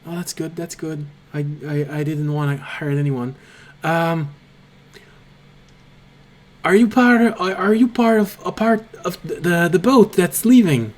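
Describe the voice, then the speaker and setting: A man's voice: a little high, fairly even intonation, unhurried, slight background noise, voice pushed up, natural voice. A man doing a stammering, jittery little kobold. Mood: nervous. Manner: stammering, apologetic. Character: small nervous frail male kobold.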